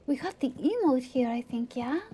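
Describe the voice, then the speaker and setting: A woman streamer chatting casually while she plays, thinking aloud in a meandering way and often dropping to soft asides. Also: high voice, animated, normal speed, a little hiss or hum. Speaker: live streamer. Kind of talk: casual gameplay commentary.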